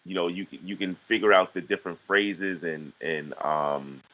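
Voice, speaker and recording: Man, very deep voice, bright forceful tone, casual teaching talk, halting, repeats words. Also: fairly even intonation, poor audio. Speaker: guest teaching artist.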